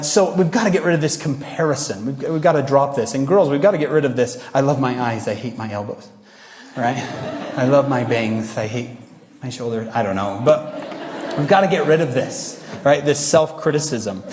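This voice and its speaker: A man giving a humorous, lively devotional talk to young people, joking with the audience. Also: on the high side, big-room sound. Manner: humorous, playful, mimics whiny voices. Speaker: youth speaker. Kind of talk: energetic devotional talk to youth.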